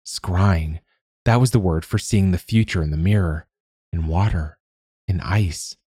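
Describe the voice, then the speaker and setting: Low, husky male audiobook narrator. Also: measured pace, dark tone, dry recording, studio quality. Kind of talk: scripted narration.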